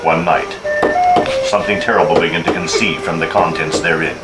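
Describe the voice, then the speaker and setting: A man's voice: sits low, fairly even intonation, voice pushed down, natural voice. A man putting on a dramatic movie-trailer announcer voice for a spoof horror film and gadget ad. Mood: ominous. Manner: slow, ominous announcer delivery. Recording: echoey room, distant mic, loud background noise.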